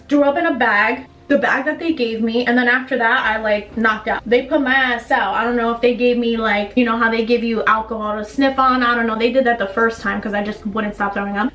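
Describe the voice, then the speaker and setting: A woman's voice: fairly high pitch, a bit bright. A young woman telling a story in a chatty, slangy way while doing her makeup, as a beauty vlogger. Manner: chatty, lots of fillers and slang. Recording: echoey room, mic a bit distant.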